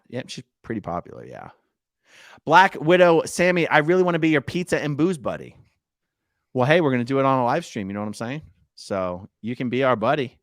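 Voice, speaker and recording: Animated man chatting on a live stream. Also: medium pitch, dry recording, clean studio sound. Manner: chatty, animated, laughs often, reads comments aloud. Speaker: livestream co-host reading viewer comments. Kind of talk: casual live-stream chat.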